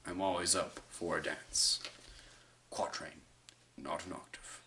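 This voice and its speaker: A man voicing a confused young male learner on a quest in an amateur audio story, reciting in a slow, measured way. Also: low voice, steady tone, pushed and bright, full character voice. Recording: echoey room, mic far off, faint hiss.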